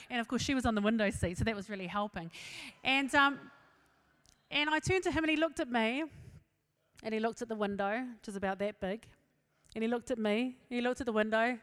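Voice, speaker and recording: A woman's voice: mid-range voice, fast. A woman in her forties with a New Zealand accent, giving a humorous talk to an audience, chatty and self-mocking, laughing at her own jokes. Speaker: speaker.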